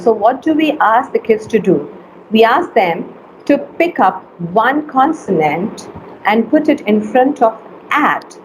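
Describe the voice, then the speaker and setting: A woman teacher giving an online phonics lesson, slowly stretching and sounding out letters and words. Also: on the high side, darkish tone, slight background noise, rough recording.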